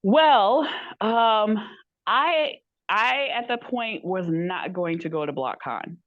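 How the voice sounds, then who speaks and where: This podcast guest is a woman telling a meandering story in relaxed chat, voicing the dialogue of the people she mentions. Her mid-range voice has lively intonation and an unhurried pace, captured in a dry, thin, tinny recording.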